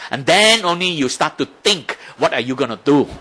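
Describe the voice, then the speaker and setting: Male dharma lecturer, bright and tense tone, explanatory. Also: on the high side, expressive, normal speed. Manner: explanatory, asks rhetorical questions, frequent "right?". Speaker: Buddhist teacher.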